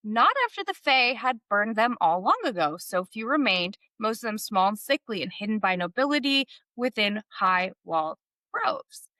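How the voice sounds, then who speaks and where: A woman's voice: medium pitch, pushed and bright, no room sound. A woman co-hosting a book podcast, chatting casually, reading passages aloud and laughing often. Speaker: podcast co-host. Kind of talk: casual book discussion chat.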